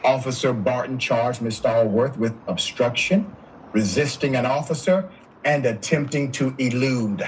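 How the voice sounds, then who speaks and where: A man hosting a news commentary show, speaking emphatically with dramatic pauses. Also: mid-range voice, a little hiss or hum, low-quality recording.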